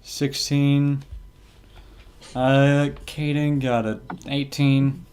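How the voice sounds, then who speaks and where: Casting note: male game master, mid-pitched, halting delivery with frequent pauses. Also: little pitch movement, a little mellow, slight background noise. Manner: halting, many fillers and restarts. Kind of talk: running a tabletop game.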